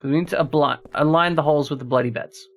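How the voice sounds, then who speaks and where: A fast-talking man with a voice on the high side streams a horror game. He chats with viewers and puzzles things out aloud in an easygoing way as he plays.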